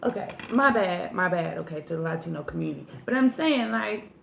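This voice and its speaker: A woman co-hosting a podcast, talking in a blunt, profane, animated way as she tells stories in casual chat. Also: fairly low pitch, a little fast, gravelly, a little hiss or hum. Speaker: podcast co-host. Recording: echoey room.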